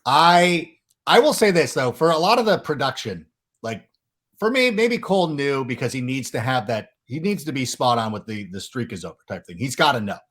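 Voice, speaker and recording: A man's voice: medium pitch, big pitch swings, normal speed, a bit bright. A man hosting a podcast in casual chat, telling stories animatedly and acting out quotes in raised voices. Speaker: podcast host.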